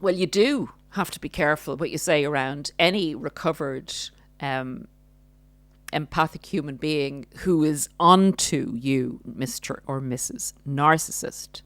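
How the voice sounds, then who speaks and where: A woman's voice: sits low, unhurried, fairly bright tone, no echo. A woman hosting a talk, explaining earnestly and now and then dropping wry, dry asides. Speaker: host. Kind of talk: explanatory talk on narcissistic abuse.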